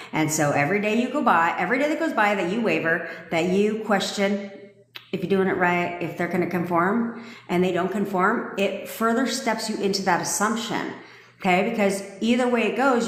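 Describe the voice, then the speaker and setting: A woman's voice: mid-range voice, moderate pace. A woman manifestation coach on a live stream, talking in a sassy, profane, emphatic way. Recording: echoey room with long reverb.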